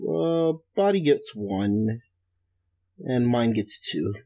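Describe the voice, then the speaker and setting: A man's voice: medium pitch, lively intonation, slow, dark tone. A man playing a tabletop game, chatting casually and rambling. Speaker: player.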